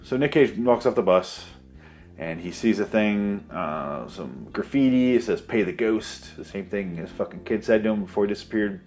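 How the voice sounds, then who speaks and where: A man with a very low, expressive voice rambles through a comedic movie recap at normal speed, heavy with sarcasm and swearing. He wanders into asides and mock voices while faint music plays quietly underneath.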